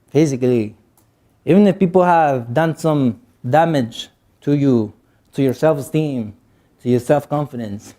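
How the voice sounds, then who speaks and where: A Spanish-speaking motivational speaker from Guatemala, with a high but dark-toned voice and a Guatemalan Spanish accent, addresses youth. He tells stories with jokes and acts out voices.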